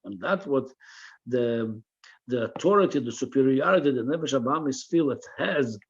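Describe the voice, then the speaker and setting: A man's voice: mid-range voice, animated, moderate pace, husky, lo-fi sound. A man teaching a religious text class, reading each phrase aloud and translating it line by line, often repeating words while he searches for the right translation. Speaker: Torah teacher.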